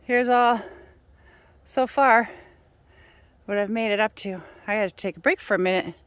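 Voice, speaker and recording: A woman's voice: moderate pace, dry recording. A woman talking casually to her phone camera outdoors while hiking uphill, out of breath and rambling. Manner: rambling, calls her dog in high shouts. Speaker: vlogger. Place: outdoors on a hill trail.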